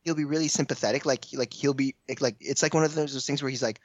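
A man's voice: mid-range voice, steady tone, quick pace, no echo, muffled recording. A man on a casual podcast, rambling and speculative, piling up filler words and restarts. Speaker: podcast co-host. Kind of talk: casual chat.

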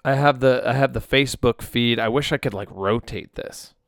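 A rambling man in his thirties chats alone on his livestreamed podcast, full of ums and self-corrections. His voice comes through smooth and resonant, recorded close and dry with almost no room sound. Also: mid-range voice, normal speed, dry recording. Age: 30s. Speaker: musician podcast host. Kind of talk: casual solo podcast chat. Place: home in Nashville. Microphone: tablet and phone livestream.

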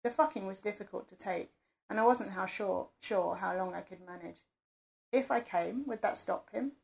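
A woman's voice: mid-range voice, moderate pace, vocal fry. A woman narrating an erotic first-person story in an intimate, confessional reading voice.

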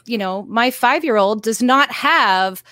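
A woman with a slightly high voice talks in a casual conversation, wry and measured. The sound is dry and close, with no room around it. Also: animated, bright, forceful tone, no room sound.

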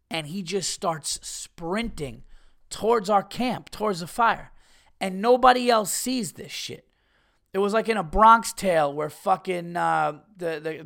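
A man's voice: a little high, creaky, fairly bright tone. A man hosting a podcast, telling a rambling, profane story in a casual way and laughing at his own tale. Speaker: podcast host.

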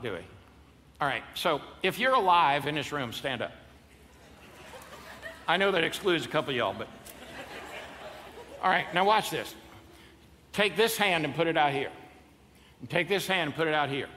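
A playful pastor in his fifties leads a live congregation in call-and-response and jokes with them during his sermon. His voice is a little high with a sharp tone, and the large auditorium recording carries hall reverb, faint ambience, and a little hiss or hum.

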